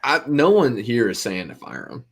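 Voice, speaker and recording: A man's voice: mid-range voice, wildly swooping pitch, moderate pace, gravelly, a little hiss or hum. A man co-hosting a casual sports talk show, making blunt, opinionated points with rhetorical questions. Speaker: podcast co-host.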